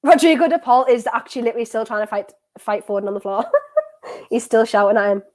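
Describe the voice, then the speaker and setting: A woman's voice: on the high side, quick pace. A young woman, live-streaming her reactions to a football match and chatting to viewers. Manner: excitable, swings from laughing to dejected, talks to viewers. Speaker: streamer hosting a football watchalong.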